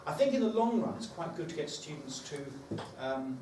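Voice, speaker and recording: A man's voice: on the high side, animated, fairly quick, darkish tone. A man leading a teacher training session, talking conversationally and thinking aloud with fillers. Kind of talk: workshop talk to teachers. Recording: echoey room, far from the mic, background noise.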